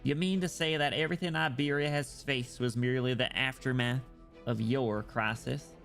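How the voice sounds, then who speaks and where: A serene older inquisitor lord, as a streamer reads him out, speaking slowly and gravely in a mid-pitched male voice. His composure never slips. Faint game music plays underneath. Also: steady tone, fairly bright tone. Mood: grave, composed.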